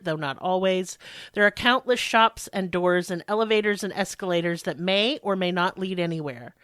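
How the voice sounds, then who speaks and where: A woman's voice: mid-range voice, a bit bright, no room sound, clean studio sound. A woman in her twenties co-hosting a podcast, blunt and crude, joking between bits read from notes. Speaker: podcast co-host. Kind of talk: casual podcast chat.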